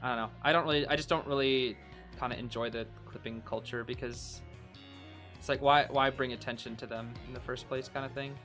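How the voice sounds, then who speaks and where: A man giving casual, excitable live commentary on a game match, rambling with lots of fillers. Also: medium pitch, brisk, faint music behind.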